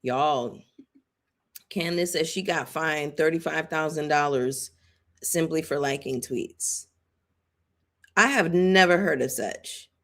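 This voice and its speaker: A woman's voice: low voice, slow pace, long pauses, fairly bright tone. A woman giving casual live-stream commentary on a reality show, chatty and emphatic, addressing viewers directly.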